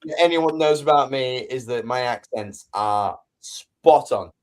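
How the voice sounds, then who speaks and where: A man's voice: medium pitch, measured pace. A man, co-hosting a casual sports podcast with rambling, joking banter. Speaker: podcast co-host. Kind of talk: casual chat.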